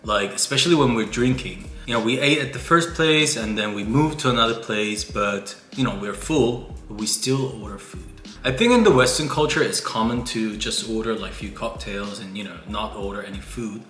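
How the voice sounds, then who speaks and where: A man's voice: lowish voice, normal speed, hardly any pauses, a bit bright. A young man from Korea, chatting casually in a vlog at home while eating. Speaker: vlogger. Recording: roomy echo, faint music behind.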